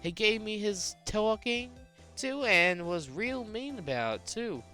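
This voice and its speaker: A brash young Southern photographer with a loud Texan twang, as a New Zealand streamer puts her on while playing a video game. Her put-on voice sits well above the performer's own, drawling slowly and swinging widely up and down with a bright edge. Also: mid-range voice, expressive, faint music behind, pitched above the performer's own voice.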